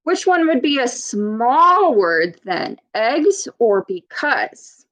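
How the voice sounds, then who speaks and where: A woman's voice: on the high side, big pitch swings, slow, a bit bright. Patient woman reading a storybook aloud. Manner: patient, asks children questions. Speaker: clinician reading to children. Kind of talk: storybook read-aloud with teaching.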